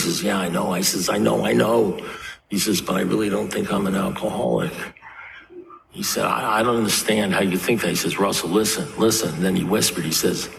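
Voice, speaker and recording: Deep-voiced man in an echoey hall. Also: fairly even intonation, fairly quick, vocal fry, distant mic. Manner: earnest storytelling, acts out dialogue. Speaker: recovery meeting speaker. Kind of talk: personal recovery talk. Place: meeting hall. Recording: echoey hall, faint noise.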